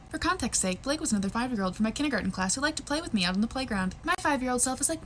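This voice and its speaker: A young woman telling a casual storytime in an animated way, acting out the voices in her anecdote. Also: a little high, racing, hardly any pauses, a little hiss or hum. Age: young adult.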